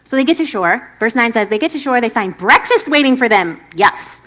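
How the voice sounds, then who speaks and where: A woman's voice: fairly high pitch, lively intonation, fairly quick, fairly bright tone. A woman pastor giving a casual sermon, chatty and self-deprecating, laughing often and acting out the quotes. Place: church stage.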